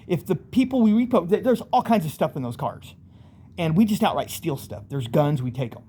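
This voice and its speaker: A man's voice: on the high side, lively intonation, brisk, mellow, a little hiss or hum. A man casually telling a rambling, vivid first-person story, acting out voices in sudden bursts.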